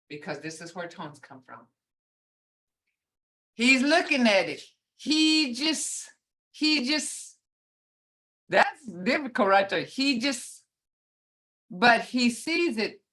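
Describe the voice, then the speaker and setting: Slow, patient older woman teaching. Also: mid-range voice, fairly bright tone. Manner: slow, patient, repeats words to model sounds; chuckles often while explaining. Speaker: language teacher. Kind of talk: online beginner language class. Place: video call.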